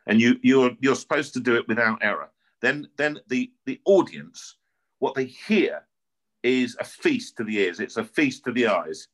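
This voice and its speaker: A middle-aged opera singer from North London, with the accent to match, tells stories animatedly in a casual interview, often repeating words as he speaks. His voice sits in the mid-range at a normal speed, and the recording is rough.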